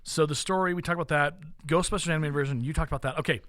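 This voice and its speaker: A man's voice: a little high, rapid-fire, fairly bright tone, no room sound. A man co-hosting a podcast in casual chat, enthusiastic and rambling with frequent restarts. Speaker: podcast co-host.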